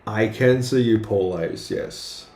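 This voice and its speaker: Male streaming artist, low and unhurried, hesitant casual chat, roomy recording. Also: darkish tone. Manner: hesitant, many fillers and restarts. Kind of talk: casual live-stream chat while drawing. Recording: roomy with faint background noise.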